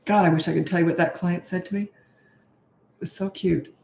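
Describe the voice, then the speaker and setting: Middle-aged woman, parenting coach, casual Q&A, lowish voice, frank and rambling, echoey room. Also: fairly even intonation, a little fast, creaky, a little mellow. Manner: chatty and frank, trails off and restarts, rises high when exasperated. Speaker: parenting coach answering viewer questions. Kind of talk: casual Q&A advice talk.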